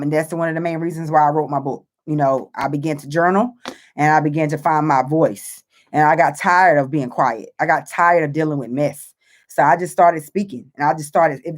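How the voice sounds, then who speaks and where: A woman hosting a motivational faith talk for her viewers, earnest and emphatic, repeating phrases and using many fillers as she encourages them. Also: low-pitched. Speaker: host and author.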